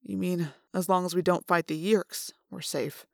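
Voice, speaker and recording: A woman reading aloud as a steady teenage boy who leads the group, her voice dropped a little lower and softer. He sounds grave and measured. The audiobook voice is close and dry. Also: creaky, no room sound.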